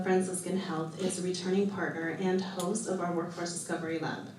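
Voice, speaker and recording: A woman moderates a panel, reading questions in a formal, measured way. Her lowish voice comes from far off the mic, with heavy echo and a faint hum. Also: mellow. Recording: very echoey, distant, faint noise.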